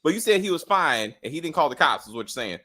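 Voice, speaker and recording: A man hosting a casual show review, animated and joking, with faint music behind. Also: fairly high pitch, fast. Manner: animated, joking, lots of uh fillers. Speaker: host.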